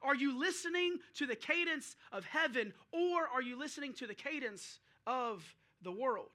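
A man's voice: very high-pitched, lively intonation, normal speed. A man preaching a sermon, building through repeated rhetorical questions. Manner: preaching with rhetorical questions and drill-call shouts. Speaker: pastor.

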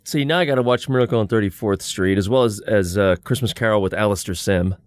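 A man from the United States chatting casually in a quiz call, reacting quickly and with feeling. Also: lowish voice. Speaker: quiz participant. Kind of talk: casual chat.

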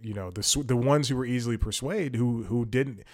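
A man's voice: mid-range voice, a little fast. A man hosting a podcast, chatting casually with lots of fillers, restarts and tangents as he thinks aloud. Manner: rambling, many fillers and restarts; opinionated, thinks aloud while scrolling. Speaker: podcast host. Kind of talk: casual commentary.

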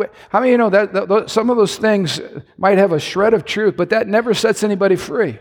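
A man's voice: high voice, a little fast. A male pastor preaching a sermon in a church, conversational with asides and restarts. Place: church sanctuary. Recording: long hall reverb.

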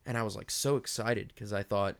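A male co-host with a low, smooth voice talks in a relaxed way. His humor is dry and wry as he chats with the host. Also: fairly quick. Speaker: podcast co-host. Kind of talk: casual podcast chat.

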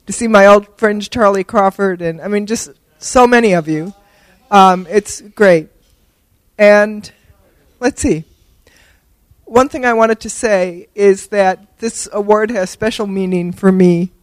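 A woman's voice: mid-range voice, slow, no room sound, poor audio. An older woman giving an award acceptance speech, telling self-deprecating, humorous anecdotes with fillers. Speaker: award recipient and disability advocate.

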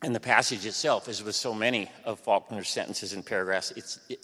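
A man's voice: fairly low pitch, brisk, sharp tone, breathy edge. Wry older man lecturing in a hall. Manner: wry, sardonic asides. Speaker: history lecturer. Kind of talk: university lecture. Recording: long hall reverb.

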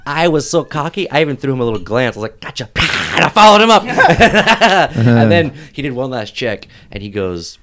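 A man's voice: medium pitch, normal speed, few pauses, a crowd in the background. A man co-hosting a casual podcast, telling a long story with lots of laughter. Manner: animated storyteller, laughs often. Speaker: podcast co-host.

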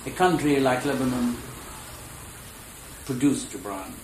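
An older man lecturing in the evening, speaking in a reflective and unhurried way. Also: medium pitch, a little mellow, roomy sound, slight background noise.

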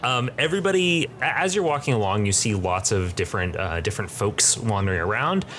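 A man narrating as game master of a tabletop game, describing the scene in a halting way with many restarts. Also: fairly low pitch, expressive, a bit bright, a little hiss or hum. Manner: halting, full of fillers and restarts.

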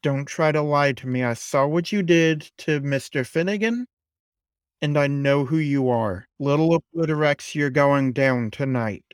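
Casting: cocky young vigilante woman, male game master doing her, slow, taunting. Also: on the high side, clean tone, dry recording, studio quality, lightly acted. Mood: accusing. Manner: accusing, taunting.

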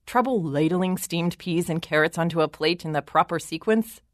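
A woman's voice: lowish voice, normal speed, no room sound, studio quality, natural voice. A woman voicing a bewildered king who mutters and hesitates, trying to look in control. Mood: flustered. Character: flustered, bewildered middle-aged storybook king.

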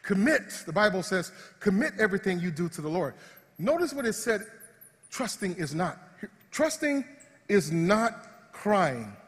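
A man preaching a sermon as pastor, swinging between loud praise and hushed, quiet asides. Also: high-pitched, expressive, normal speed, slightly rough, a faint crowd. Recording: long hall reverb.

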